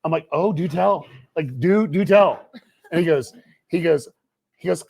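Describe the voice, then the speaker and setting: A man hosting a livestream, telling a story with lively quoted dialogue. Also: a little high, moderate pace, gravelly, breathy edge. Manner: animated storyteller, quoting others. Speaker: livestream host. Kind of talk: excited livestream chat.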